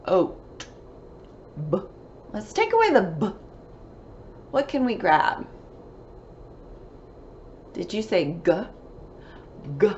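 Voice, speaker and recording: A woman teaching a young class remotely, with a sing-song manner and drawn-out words. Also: medium pitch, dull audio, slight background noise. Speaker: kindergarten teacher.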